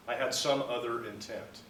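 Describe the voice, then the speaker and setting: A man's voice: medium pitch, fairly bright tone, a little hiss or hum. A man giving a business law lecture, explaining terms step by step and acting out a story to make a point. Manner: explains with acted-out anecdotes. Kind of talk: classroom lecture. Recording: roomy, mic at a distance.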